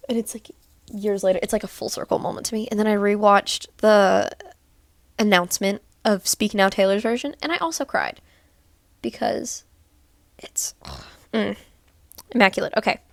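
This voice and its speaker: A woman's voice: medium pitch, gravelly, no echo. A woman from Texas talking casually to camera in a rambling vlog recap, full of "like" and "um". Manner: rambling, lots of "like" and "um". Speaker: vlogger.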